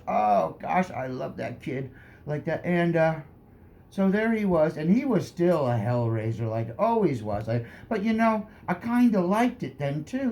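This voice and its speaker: A man tells a funny story from his own life with animated delivery. His fairly high voice swings up and down in a lively way, and he keeps tacking short asides onto his sentences. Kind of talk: comic personal storytelling.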